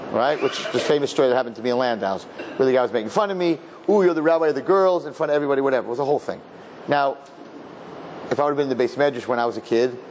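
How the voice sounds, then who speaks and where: Lively rabbi lecturing a class, man, jumps into character voices, light background hiss. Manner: animated, acts out people with high voices, Yiddish and Hebrew words.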